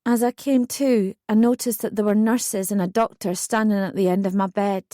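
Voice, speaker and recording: A woman's voice: mid-range voice, fairly even intonation, moderate pace, warm tone, no echo, clean studio sound. A woman narrating a first-person true story audiobook with feeling. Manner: emotional memoir reading, acting out quotes.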